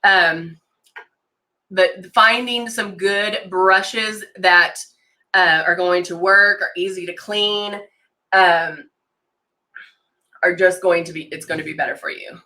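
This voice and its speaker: A makeup consultant hosting a live demo speaks slowly with long pauses, her voice fairly low, fairly even in intonation and sharp in tone. Chatty and enthusiastic, she demonstrates makeup casually and reads viewer comments aloud as she goes.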